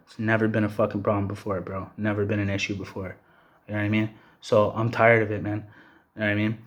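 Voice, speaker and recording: An agitated man giving a heated, profane rant, with the filler "you know what I mean" coming up again and again. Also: medium pitch. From Canada. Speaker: vlogger. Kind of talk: angry rant to camera.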